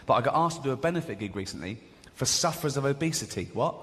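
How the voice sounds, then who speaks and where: A man's voice: medium pitch, animated, fast talker. A man doing a stand-up comedy routine, chatty and mocking, laughing at his own jokes. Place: large theatre with live audience. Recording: echoey hall with audience noise.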